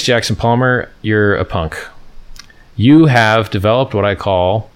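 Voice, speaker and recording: Sarcastic low-voiced man chatting on a livestream. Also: unhurried. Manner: sarcastic, rambling, mocking; reads from the screen and chats with viewers. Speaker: livestream host. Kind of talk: casual livestream commentary.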